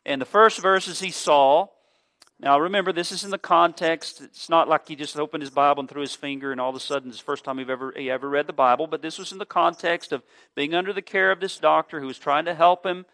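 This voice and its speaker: A man preaching a sermon, telling a story in an earnest, measured way with small filler pauses. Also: on the high side, steady tone, a bit bright.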